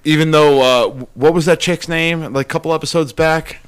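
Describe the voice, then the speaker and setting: A man's voice: fairly high pitch, fairly quick, clear, resonant tone. A man hosting a podcast, joking and stirring up playful arguments in casual banter. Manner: joking, animated, stirs the pot. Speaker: podcast host.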